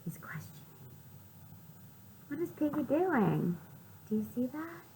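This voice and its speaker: A woman librarian reading a storytime for small children, sing-song and often dropping into soft whispers. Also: high voice, sing-song, unhurried, a little hiss or hum, low-quality recording.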